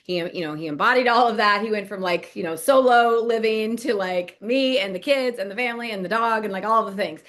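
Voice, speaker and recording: A middle-aged Nebraska woman, a business coach co-hosting a podcast, tells a story in a casual, animated way. Her medium-pitched voice moves fairly quickly with hardly any pauses, and she laughs often and acts out quoted lines.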